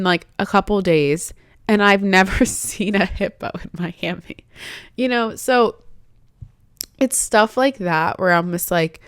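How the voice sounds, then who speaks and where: On a dry, studio-quality recording, a twenty-something podcast host opens up candidly, saying "like" a lot and growing tearful and emotional at moments. Her voice is on the low side and a bit bright, and her chat is heartfelt.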